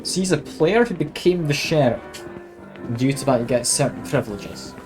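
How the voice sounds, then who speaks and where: A man's voice: mid-range voice, animated, moderate pace, music in the background, low-quality recording. A man streaming a game playthrough, chatting and making self-deprecating asides as he reads. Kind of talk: live game playthrough commentary.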